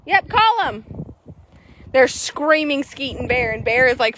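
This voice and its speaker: Woman, excitable sales chat, horse arena, faint background noise. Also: high voice, measured pace. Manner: chatty, excitable, talks to viewers. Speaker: horse seller. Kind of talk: casual sales chat while riding.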